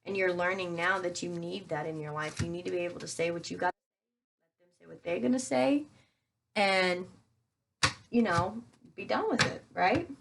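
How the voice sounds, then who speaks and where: A woman with a somewhat low voice gives a casual tarot reading to her viewers. She is chatty, calls them guys and thinks aloud with fillers as she turns each card. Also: moderate pace, creaky, long pauses. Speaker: tarot reader.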